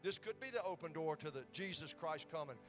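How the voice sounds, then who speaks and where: Man, pastor, sermon, fervent, stammering repeats, slightly high voice, nearly empty church. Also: animated, a little fast, soft background music. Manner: builds from quiet pleading to loud, fervent preaching with stammered repeats. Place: church sanctuary, mostly empty.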